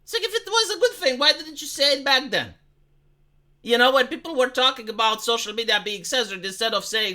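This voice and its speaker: A man's voice: very high-pitched, expressive, a little fast, sharp tone. A man from Romania giving an opinionated political monologue to his viewers, ranting with frequent restarts. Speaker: political commentator streamer.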